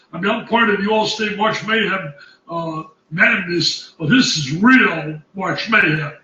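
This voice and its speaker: Excitable man ranting about a basketball upset. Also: high-pitched, roomy sound, recorded from a distance, highs cut off. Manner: animated, exclamatory, repetitive. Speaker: basketball analyst. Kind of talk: excited sports commentary.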